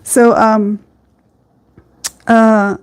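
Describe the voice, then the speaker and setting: A woman's voice: a little high, level tone, drawn-out words, smooth. A woman hosting a live-streamed faith podcast, talking earnestly and rambling a little, with frequent fillers and small laughs. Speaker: podcast host.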